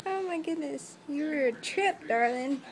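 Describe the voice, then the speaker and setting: Very high-pitched cooing mother. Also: expressive, measured pace, over a noisy crowd. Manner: cooing, giggly, sing-song. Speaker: mother filming her baby. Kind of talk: baby talk in a home video. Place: home, indoors. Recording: noisy home camcorder audio.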